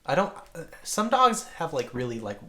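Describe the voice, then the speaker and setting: A man's voice: fairly high pitch, sing-song, moderate pace, bright, forceful tone. A man co-hosting a podcast, telling casual stories in a rambling way, full of "like" and restarts. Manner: rambling storyteller full of fillers. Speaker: podcast co-host. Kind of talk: casual chat.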